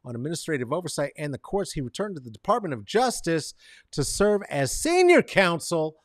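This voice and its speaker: A man hosting a comedic commentary show, rambling and sarcastic, swinging between mumbled asides and loud outbursts and talking to viewers by name. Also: fairly high pitch, sing-song, a little fast, no echo, studio quality. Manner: talks to chat viewers by name. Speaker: show host.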